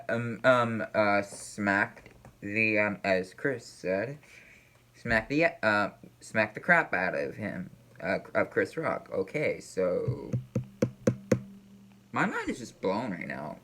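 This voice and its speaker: A man hosting a casual reaction video, talking in a rambling, halting way with many fillers and restarts, apparently from a room at home. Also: on the low side, bright, forceful tone.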